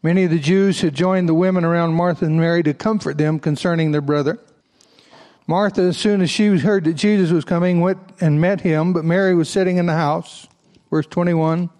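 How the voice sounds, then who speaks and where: Man, pastor, sermon, scripture reading, folksy asides, somewhat high voice. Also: steady tone, a little fast, darkish tone. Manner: reads scripture aloud, breaking off for folksy asides to the congregation; raises his voice for emphatic passages.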